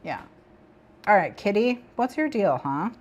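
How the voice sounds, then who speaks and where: A woman's voice: mid-range voice, sing-song, a little slow, darkish tone. A woman hosting a co-working stream, chatting with viewers and her cat, giggling and repeating herself. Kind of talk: casual stream chat.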